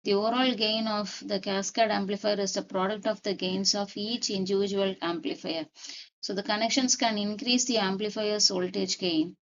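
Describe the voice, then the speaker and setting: A woman teaching a lesson step by step, deliberately repeating her key points. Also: mid-range voice, fairly even intonation, highs cut off. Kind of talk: step-by-step lecture.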